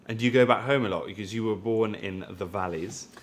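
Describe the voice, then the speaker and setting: A man's voice: on the low side, fairly quick, a little hiss or hum. A man hosting an interview in a bar, asking questions in a jokey, playful way. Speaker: interviewer host. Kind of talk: casual interview chat.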